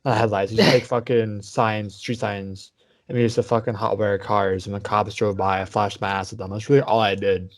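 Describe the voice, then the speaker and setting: A man's voice: fairly low pitch, flat delivery, moderate pace, no room sound. Man on a podcast, hesitant rambling talk, lots of swearing, dry close sound. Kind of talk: casual podcast chat.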